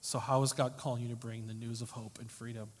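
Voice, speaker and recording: A man preaching a sermon as pastor, earnest and emphatic, often rising and falling sharply in loudness. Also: medium pitch, flat delivery, fast talker. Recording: long hall reverb.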